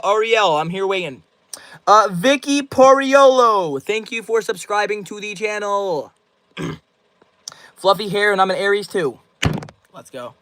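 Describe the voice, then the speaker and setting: A man's voice: high voice, bright, forceful tone, no echo, rough recording. A young man hosting a casual livestream, reading viewer comments aloud and answering them in loose, slangy rambles. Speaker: livestream host.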